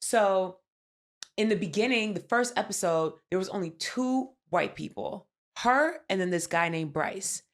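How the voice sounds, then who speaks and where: A woman's voice: mid-range voice, animated, a little slow. A woman co-hosting a podcast, recapping a reality show in casual chat, candid and profane, telling the story with animation. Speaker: podcast co-host.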